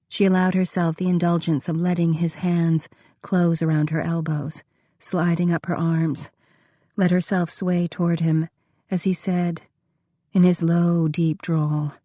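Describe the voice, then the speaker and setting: A woman narrating an audiobook in a measured, expressive reading. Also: lowish voice, no echo. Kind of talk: scripted narration.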